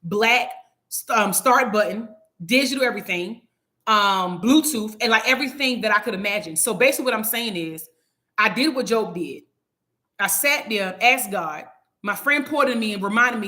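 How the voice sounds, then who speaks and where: A woman's voice: a little high, animated, moderate pace, sharp tone. A woman in her thirties hosting a Bible study, telling her testimony in a casual, emphatic way full of rhetorical questions.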